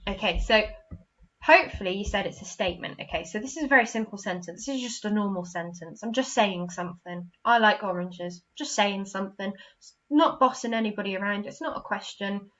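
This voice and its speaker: English woman primary teacher, bright and encouraging, lo-fi home lesson recording. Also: medium pitch, fairly quick. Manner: clear, encouraging, acts out example sentences with expression. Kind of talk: recorded online lesson for young children.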